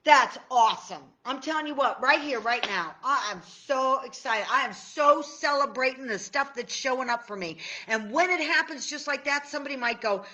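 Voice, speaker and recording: Excitable woman coach, bright tense voice, swoops high and low, lively stream host. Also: moderate pace, few pauses. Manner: bubbly, excitable, chats to viewers by name. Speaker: tapping coach. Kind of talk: live-stream Q&A teaching.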